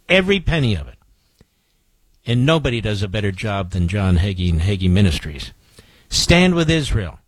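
A man's voice: medium pitch, a bit bright, no echo. A man hosting talk radio, pressing his points with insistent rhetorical questions. His voice sits in a middle register and sounds close and dry, with no room around it. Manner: combative, emphatic, rhetorical questions. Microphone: studio microphone.

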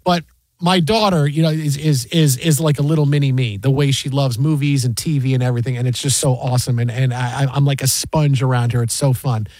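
A man in his fifties hosting a casual talk show, telling stories in an animated way with many restarts. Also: mid-range voice, fairly quick, no room sound. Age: 50s. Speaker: show host. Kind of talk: casual chat.

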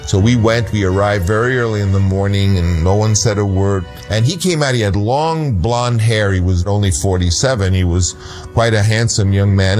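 Male storyteller, mid voice, lively recollection over a faint music bed. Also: lowish voice. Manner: animated storyteller, acts out quoted voices. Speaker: film director recalling a casting story. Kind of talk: recorded anecdote.

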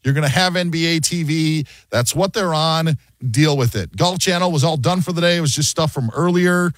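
A man's voice: on the high side, moderate pace, fairly bright tone, no echo. A man hosting a sports radio show, chatting casually and joking, often mimicking other people mid-story.

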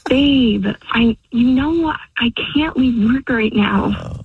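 Slow husky woman on a dull phone line. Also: a little high, no echo. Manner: puzzled, giggly. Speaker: caller's girlfriend. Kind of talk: phone call.

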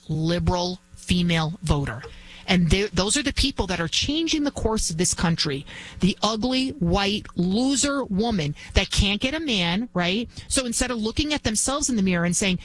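A woman in her forties hosting a talk radio show, telling a story in an indignant, animated way. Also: medium pitch, moderate pace, poor audio. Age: 40s.

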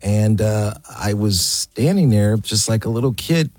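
A man in his sixties, an interview guest, telling an animated story and acting out the quotes. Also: lowish voice, a little slow, no room sound, clean studio sound. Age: 60s.

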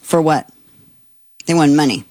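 A woman host delivers heated political commentary in a fairly low voice, indignant and exasperated, stumbling through fillers and restarts. Her voice sits close and dry, with no room sound around it. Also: a little slow, a little mellow, no room sound. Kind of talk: opinionated commentary.

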